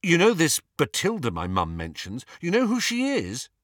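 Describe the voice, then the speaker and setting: A man's voice: a little high, wildly swooping pitch, normal speed, a bit bright, no room sound, voice pushed up. A man doing a determined teenage wizard boy, keen and insistent in tone. The voice is only slightly lifted and moves up and down a lot. It is recorded close and dry for an audiobook. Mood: eager. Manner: eager and insistent. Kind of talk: audiobook character voice.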